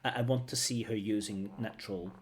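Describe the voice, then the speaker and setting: Low-ish guy breaking down a speaking test, says words over and over to show how they sound. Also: fairly even intonation, fairly quick, slight background noise. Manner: analytical, repeats phrases to model pronunciation. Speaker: IELTS examiner giving feedback. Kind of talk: spoken test feedback.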